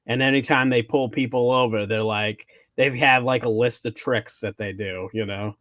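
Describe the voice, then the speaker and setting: A man's voice: mid-range voice, steady tone, moderate pace, no room sound, dull audio. A man hosting a podcast, chatting casually and telling a story, often restarting his sentences. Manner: rambling storyteller, restarts, mock Minnesota accent in quotes. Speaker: podcast host. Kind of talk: casual chat.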